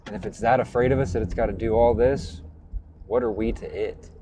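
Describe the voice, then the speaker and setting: Low mellow guy on a call, rambling, swearing at the system, faint hiss behind. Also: brisk. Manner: loose, rambling, swears angrily at an unseen system. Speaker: show host. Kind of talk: casual call-in chat.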